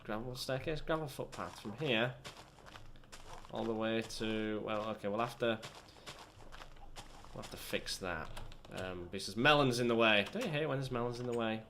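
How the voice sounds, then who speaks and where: A man's voice: mid-range voice, moderate pace, bright, forceful tone, slight background noise. A young British man chatting and rambling in a self-deprecating way while commentating his own gameplay. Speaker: gaming channel host. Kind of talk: let's play commentary.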